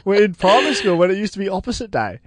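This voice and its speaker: Chatty Australian radio man, higher voice. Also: sing-song, racing, no room sound. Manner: rambling storyteller, laughs often. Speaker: radio co-host. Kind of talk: casual radio banter.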